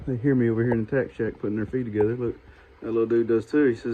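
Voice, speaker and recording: A farm vlogger films on a phone in one hand while casually describing his chores outdoors, chatting with and calling to his animals. His medium-pitched voice is fairly even in intonation and he talks at a racing pace; the outdoor phone audio is lo-fi and noisy.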